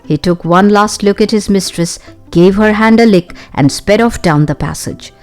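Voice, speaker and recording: A woman reading a children's adventure novel aloud as an audiobook, expressive and lively, lifting her voice for the young characters. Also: normal speed, soft background music. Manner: expressive, raises her pitch for the children's lines. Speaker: audiobook narrator. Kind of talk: storybook narration with character voices.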